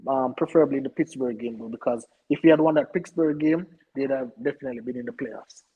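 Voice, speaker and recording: A man's voice: mid-range voice, fast talker, husky, narrow, tinny audio. A man co-hosting a sports talk show, arguing his points emphatically and insistently. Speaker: sports podcast co-host. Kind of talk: casual sports debate.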